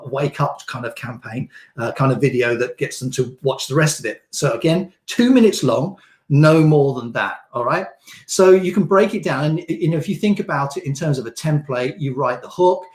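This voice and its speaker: Man, business coach, live teaching session, casual, rambling, lots of fillers, mid pitch, echoey room. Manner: casual, rambling explanations with many fillers and restarts. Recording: roomy echo.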